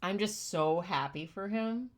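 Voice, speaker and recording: A woman's voice: medium pitch, measured pace. A young woman streamer giving casual, emotional commentary, thoughtful and gushing by turns. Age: young adult. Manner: emotional, gushing, often near tears; thoughtful, explaining in plain terms. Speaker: streamer reacting to chimp videos.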